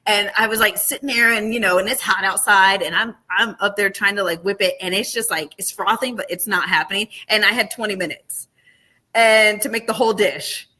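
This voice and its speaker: A woman with a bright, clear voice chats as a podcast guest. She tells her stories with animation and breaks into laughter often. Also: mid-range voice, a little fast. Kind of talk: casual interview chat.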